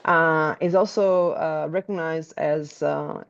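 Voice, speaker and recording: A woman's voice: deep voice, steady tone, slow, clear, resonant tone. Portuguese-accented woman explaining tours, muffled. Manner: hesitant, many restarts and fillers. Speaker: tour guide. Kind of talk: casual interview chat.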